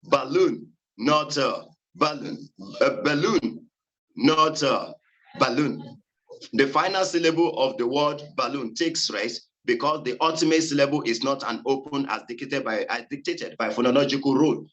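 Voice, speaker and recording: Guy reading out his seminar bit, lots of uh and the the, stops and restarts, mid-pitched voice. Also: a bit bright, muffled recording. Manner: halting, many fillers and repeated words. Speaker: student presenter. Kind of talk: reading a seminar presentation on phonology.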